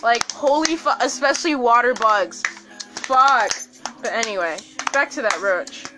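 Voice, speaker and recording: A young woman hosting a casual podcast chat, swearing often and laughing loudly. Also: a little high, unhurried, music in the background. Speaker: podcast host.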